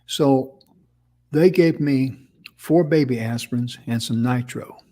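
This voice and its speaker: A man's voice: medium pitch, slow pace, dark tone. Folksy man telling a rambling story. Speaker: co-host. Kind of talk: casual talk show chat.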